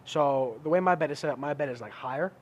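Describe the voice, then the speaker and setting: A man co-hosting a casual podcast chat, telling lively stories, acting out his own outbursts and swearing freely. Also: a little high, fast talker, dull audio, slight background noise. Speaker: podcast co-host.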